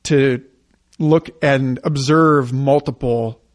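A man explaining an idea in casual conversation, in a deliberate way. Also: medium pitch, steady tone.

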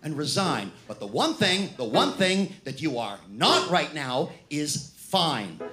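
Here a man's high-leaning voice swings widely in pitch as he takes his time through a wry, comforting comedy routine, spoken rhythmically over a live band on a club stage. The delivery has a sing-song lilt.

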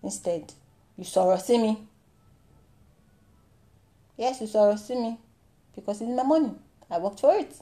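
A young woman with a Nigerian accent delivering a comic monologue, mock-indignant and animated, mixing in pidgin and Yoruba phrases. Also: mid-range voice, a little slow, pauses often.

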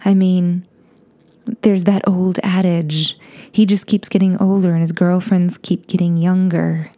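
A woman telling a personal story in a soft, confessional way, often dropping into a whisper and restarting her sentences. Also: on the low side, flat delivery, unhurried. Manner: frequent restarts and stammers.

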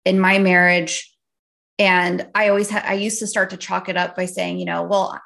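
A woman's voice: lowish voice, flat delivery, normal speed, vocal fry, a bit bright. A middle-aged woman hosting a podcast who chats casually and tells stories about her own life. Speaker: podcast host.

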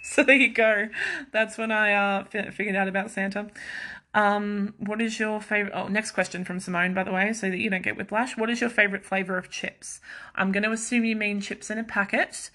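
A young woman hosting a podcast, chatting casually and mocking herself, with quick asides and frequent laughs. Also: mid-range voice, bright, forceful tone. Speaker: podcast host. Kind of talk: casual chat.

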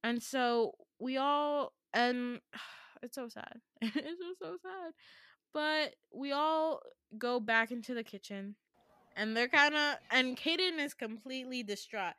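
A woman's voice: high voice, takes it slowly, sharp tone, clean tone, no room sound. A woman hosting a podcast, retelling a dream in a loose, rambling way, full of fillers and restarts. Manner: rambling, lots of "like" and restarts, laughs often. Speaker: podcast host recounting her dreams. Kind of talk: casual storytelling chat.

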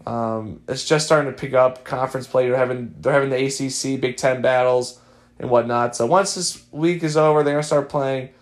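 A man's voice: medium pitch, steady tone, a little fast. A young adult man hosting a podcast, chatting casually in a rambling, wry way with many fillers. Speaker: podcast host. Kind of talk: casual chat.

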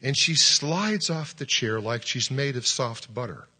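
A man preaching a sermon, telling a story with acted-out dialogue and occasional shouted commands. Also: mid-range voice, animated, a little slow. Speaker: pastor.

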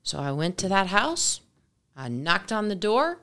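A woman in her forties, a podcast guest, telling a story casually and briskly and acting out dialogue. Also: mid-range voice. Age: 40s. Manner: brisk, animated, acts out dialogue.

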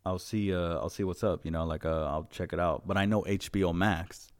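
A man's voice: sits low, steady tone, fairly quick. A man hosting a podcast in casual chat, rambling and profane, breaking into laughter often. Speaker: podcast host.

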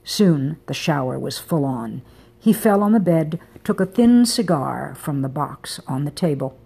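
Audiobook narrator, woman, low husky mellow voice, soft intimate delivery. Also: expressive, unhurried. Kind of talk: scripted narration of a romance novel.

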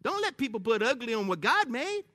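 A man preaching a lively sermon to a congregation in a church, joking and calling out to the crowd as he goes. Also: very high voice, a little fast, no room sound. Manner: energetic, joking, call-and-response.

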